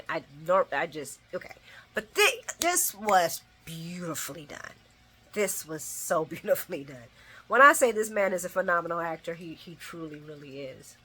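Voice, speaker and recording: A woman hosting a casual recap, talking emotionally and rambling, sometimes shouting her reactions. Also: on the low side. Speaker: soap opera recap host.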